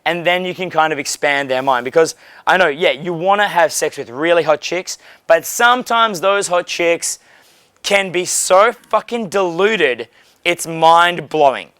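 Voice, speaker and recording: A man in a hotel giving a casual coaching monologue about dating, blunt, profane and animated. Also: on the high side, measured pace, clean tone, no echo.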